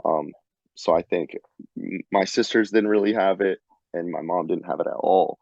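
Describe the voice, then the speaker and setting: Laid-back low-voiced man. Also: normal speed, gravelly, darkish tone, dry recording, dull audio. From Rhode Island. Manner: laid-back, laughs easily. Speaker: guest. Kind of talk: casual chat.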